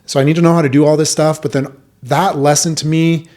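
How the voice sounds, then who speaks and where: A man's voice: fairly high pitch, fast. Casual podcast host in his thirties. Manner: animated, acts out quoted voices. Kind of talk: casual conversational interview.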